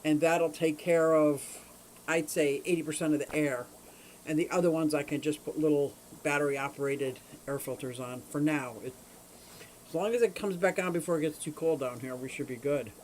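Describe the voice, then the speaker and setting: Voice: medium pitch, moderate pace, a little mellow, a little hiss or hum, low-quality recording. A host of a fishkeeping livestream from Pennsylvania chats casually and rambles from home beside the fish tanks. The host greets viewers by name and talks into a camera mic. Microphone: camera mic on a short cable.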